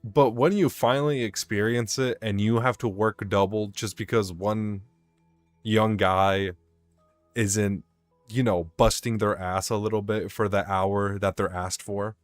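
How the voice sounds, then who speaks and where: A man's voice: lowish voice, unhurried, dry recording, soft background music. A young man rambling and swearing as he vents about work over his gameplay commentary. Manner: rambling, swearing, venting, self-mocking. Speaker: gaming vlogger.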